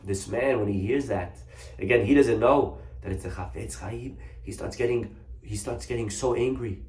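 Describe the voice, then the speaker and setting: A man, a rabbi, telling a story in a Torah lesson, animated and acting out the characters. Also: medium pitch, moderate pace. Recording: echoey room.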